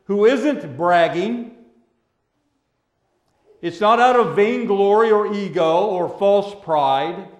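A high-pitched male pastor preaching slowly and deliberately, leaning hard on the words he wants to stress. His voice rings around a reverberant church room. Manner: measured, with drawn-out emphasis on key words. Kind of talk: sermon. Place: church sanctuary.

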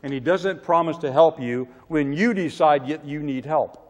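A man preaching a sermon with emphatic delivery, his voice swelling loud and falling low. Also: moderate pace. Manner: emphatic, rising to loud cries on quoted prayers, then dropping low. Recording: long reverb of a large hall.

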